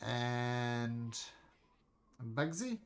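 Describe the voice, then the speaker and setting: A man narrating a tabletop game as game master, animated, counting out moves and ruling on dice. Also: mid-range voice, extremely slow, slight background noise. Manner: animated, breaks into goblin voices, counts out movement. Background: faint music.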